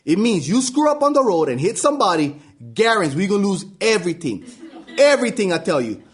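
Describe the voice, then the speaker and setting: A man's voice: sits high, big pitch swings, fast talker. A man playing a strict father, barking commands like a drill sergeant during a driving lesson. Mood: stern. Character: strict shouting Hawaiian father teaching driving.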